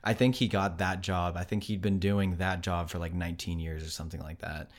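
A man's voice: low voice, little pitch movement, brisk. An American man hosting a podcast, telling a travel story in a casual, rambling way with many fillers and restarts. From United States. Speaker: podcast host.

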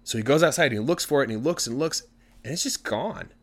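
A man retelling a story for language learners in an animated, conversational way. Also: medium pitch, quick pace.

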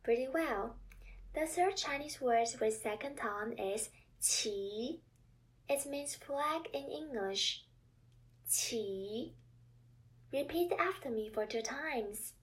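A woman teaching a language lesson, speaking with slow, careful enunciation and leading repeat-after-me drills. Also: high voice, animated, recorded from a distance.

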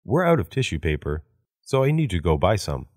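A man reading English practice sentences aloud in a measured way for learners. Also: low voice, sing-song, a little mellow, dry recording, clean studio sound. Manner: measured, repeats each sentence after the woman. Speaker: English phrase reader.

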